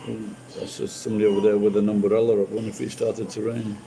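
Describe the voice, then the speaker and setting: A man's voice: on the low side, little pitch movement, fast, gravelly, warm tone, a little hiss or hum, low-quality recording. A man from Sheffield with a Sheffield accent, chatting casually with viewers on a livestream and rambling with frequent restarts. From Sheffield, England. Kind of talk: casual chat.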